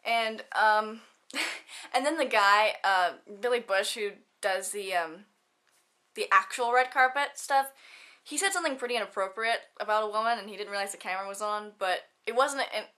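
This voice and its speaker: A woman's voice: medium pitch, moderate pace, bright, forceful tone. A teenage girl chatting casually in a vlog, bubbly and giggly, with lots of fillers and quoted asides. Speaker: student vlogger.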